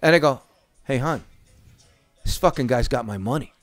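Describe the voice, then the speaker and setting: A man's voice: mid-range voice, normal speed, soft background music. A man in his fifties telling profane, boisterous sales stories in a casual podcast chat. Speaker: podcast host.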